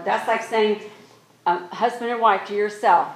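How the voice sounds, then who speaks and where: A woman preaching a sermon, reading scripture aloud slowly and exhorting her congregation earnestly. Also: mid-range voice, fairly even intonation. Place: church. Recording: echoey room with faint noise.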